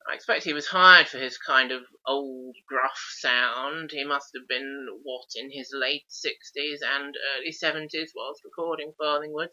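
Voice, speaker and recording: A man hosts a laid-back podcast with a very bright, sharp tone. He talks eagerly and reels off lists. The sound is dull and lo-fi. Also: medium pitch. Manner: chatty, enthusiastic, lists things off. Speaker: podcast host. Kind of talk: casual podcast chat.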